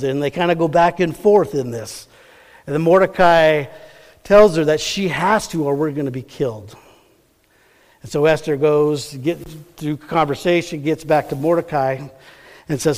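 In a space with a long reverb tail, a man with a fairly high voice preaches at a moderate pace. He retells a Bible story casually, rambling along and frequently correcting himself in a chatty way.

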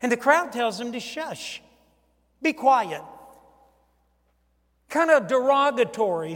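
A man from Mississippi with a Southern accent preaches in a high, bright-edged voice. He drops into hushed, folksy storytelling and then climbs into loud, emphatic preaching. The sound carries a long reverb from a large church hall. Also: animated, slow, long pauses. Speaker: pastor. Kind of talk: sermon.

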